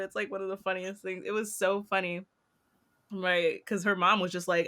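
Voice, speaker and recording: Bright-voiced young woman telling stories. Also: brisk. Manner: animated storyteller, acts out quotes in a high voice. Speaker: podcast co-host. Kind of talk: casual storytelling chat.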